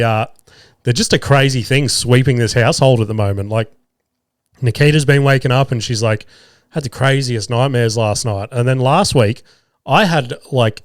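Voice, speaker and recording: A man's voice: mid-range voice, no echo, clean studio sound. A young man hosting a solo podcast, rambling casually and swearing freely as he chats. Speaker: podcast host.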